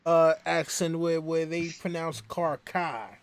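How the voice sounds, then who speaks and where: Rambling man with a higher voice. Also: a little slow, a crowd in the background. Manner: rambling, full of restarts and laughter. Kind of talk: casual table chat.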